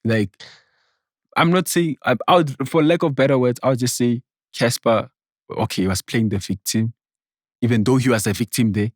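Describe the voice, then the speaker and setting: A man's voice: mid-range voice, normal speed, no echo. Argumentative man pushing his point, dry sound. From South Africa. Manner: argumentative, repeats himself to hold the floor. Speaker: podcast host. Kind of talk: casual debate chat.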